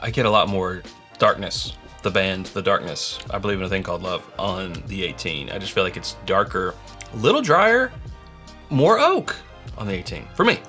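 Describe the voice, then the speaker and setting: A playful male co-host whose voice rises and falls in lively swings, breaking into sudden high exclamations. He jokes around in a casual tasting chat with faint music underneath. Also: moderate pace.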